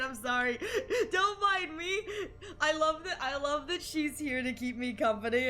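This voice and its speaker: Brief: playful young woman game streamer, bright high voice, chatty and giggly. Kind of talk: casual gameplay commentary.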